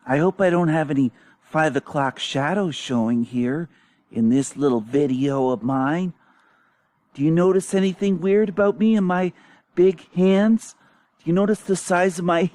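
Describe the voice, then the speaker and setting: A man's voice: fairly high pitch, darkish tone, no echo, voice pushed up. A man putting on a fussy, self-conscious small-channel vlogger who frets in a prissy, sing-song way.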